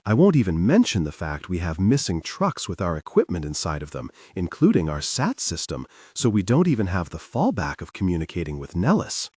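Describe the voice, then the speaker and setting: A man's voice: low-pitched, huge pitch swings, a little fast, few pauses, darkish tone, breathy edge, dry recording, clean studio sound, heavily acted. A man voicing a terse, grim military colonel in an audiobook.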